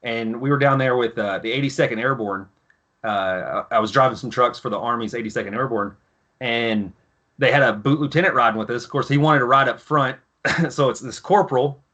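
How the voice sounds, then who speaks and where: A man in his thirties, a former Marine guest, telling profane, animated stories in casual podcast chat. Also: medium pitch, a little fast.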